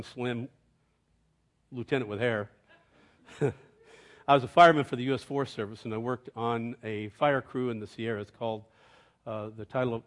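A middle-aged male pastor preaching a sermon, moving between soaring emphatic proclamation and hushed, chuckling storytelling. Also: medium pitch.

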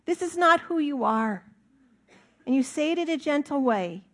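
A woman's voice: high voice, animated. A middle-aged woman pastor preaching a sermon in a church, earnest and emphatic, stretching out key words for weight. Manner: earnest, emphatic, with drawn-out stresses.

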